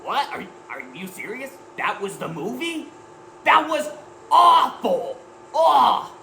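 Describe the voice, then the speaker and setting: A woman's voice: mid-range voice, very animated, normal speed, reverberant, slight background noise. A woman voicing an indignant moviegoer who is furious about a bad film. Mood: outraged. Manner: loud, indignant. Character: outraged male moviegoer demanding a refund.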